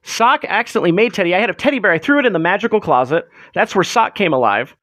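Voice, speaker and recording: Man, livestream host, chatty, rambling, lots of ums, higher voice, dry close mic. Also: expressive, fast, fairly bright tone, dry recording. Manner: rambling, filler-heavy, chatty. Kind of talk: casual livestream chat.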